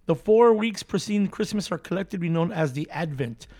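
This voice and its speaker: A man's voice: sits high, animated, a little fast, darkish tone. A man in a casual chat, throwing in crude jokes and banter. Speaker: podcast co-host.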